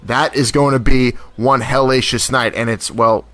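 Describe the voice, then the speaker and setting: A man's voice: medium pitch, steady tone, moderate pace, fairly bright tone, no echo. A man hosting a casual wrestling podcast, joking and teasing his co-hosts. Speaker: podcast host.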